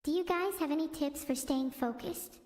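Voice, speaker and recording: This synthetic text-to-speech voice belongs to a woman hosting a stream, pitched high and moving at a moderate pace with a slightly mellow quality. She chats casually, rambles, and gets sidetracked easily, all in an echoey room with long reverb.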